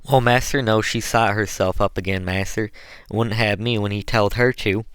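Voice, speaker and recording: Guy doing a sucking-up overseer, pitched way up, wheedly, dry recording. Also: steady tone, moderate pace, fairly bright tone, clear, resonant tone, no room sound, close to an everyday voice. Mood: wheedling. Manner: heavy dialect, pitched-up wheedling. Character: fawning, spiteful male overseer.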